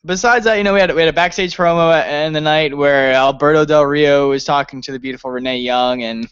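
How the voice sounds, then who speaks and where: A man's voice: on the high side, fast talker, a bit bright, clear, resonant tone, no room sound, muffled recording. A man co-hosting a casual wrestling review podcast, rambling and laughing as he talks. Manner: rambling, laughing often, lots of fillers. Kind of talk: casual chat.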